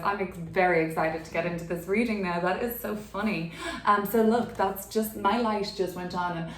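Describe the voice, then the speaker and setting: A woman's voice: medium pitch, moderate pace, roomy sound, a little hiss or hum. A woman giving a casual tarot reading from her apartment, chatty and full of fillers. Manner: chatty, filler-heavy, laughs easily. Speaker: tarot reader.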